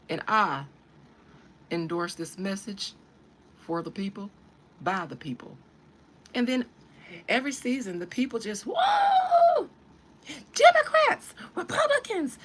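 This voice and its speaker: A woman's voice: mid-range voice, fairly bright tone, slightly rough. Emphatic woman holding forth on a podcast. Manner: emphatic, preachy, addresses listeners directly. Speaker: podcast host. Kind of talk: casual commentary.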